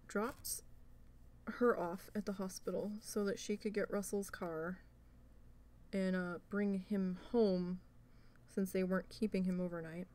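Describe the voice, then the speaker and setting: A woman's voice: medium pitch, dark tone. A woman vlogger chatting casually while she needle felts, rambling and venting with free swearing. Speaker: crafting vlogger.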